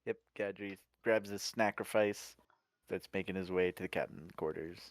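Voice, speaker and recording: A man playing a tabletop game, describing his character's actions in a relaxed way. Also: low-pitched, moderate pace. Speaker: player.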